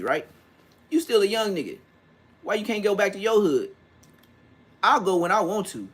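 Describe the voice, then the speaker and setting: Animated slangy man telling street stories. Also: on the high side. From California. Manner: animated slangy storytelling, mimics old homies' voices. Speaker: vlogger. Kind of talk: casual storytelling rant.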